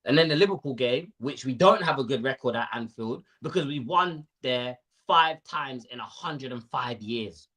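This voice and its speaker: A young man talks football on a casual panel, ranting with plenty of slang. His voice rises and falls with lively energy. Its tone is bright and slightly husky. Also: medium pitch, moderate pace, few pauses.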